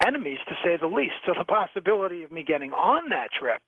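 A man from New York, a shipwreck diver, telling stories as a radio guest over the phone, halting with many restarts and repeated words. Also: high-pitched, breathy edge, no echo. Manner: lively storyteller. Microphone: telephone. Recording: tinny phone line, dry.

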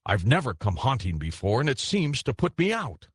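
A man's voice: mid-range voice, sing-song, moderate pace, breathy edge, no room sound, clean studio sound. A man voicing a timid, awkward young male ghost who answers meekly and apologetically. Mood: apologetic. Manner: meek, apologetic, hesitant.

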